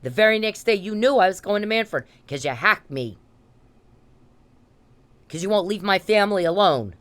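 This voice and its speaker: A woman's voice: medium pitch, animated, normal speed. Furious woman ranting at the camera. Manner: confrontational, swearing, repetitive demands. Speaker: vlogger. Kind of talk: angry direct-to-camera rant.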